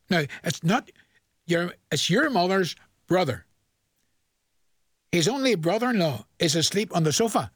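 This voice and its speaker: A man's voice: sits high, big pitch swings, unhurried, pauses often, a bit bright, slightly rough, no echo, clean studio sound. A man hosting a radio show, chatting and reading out dedications in a jokey way, laughing often. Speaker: radio host. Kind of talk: casual radio chat with dedications.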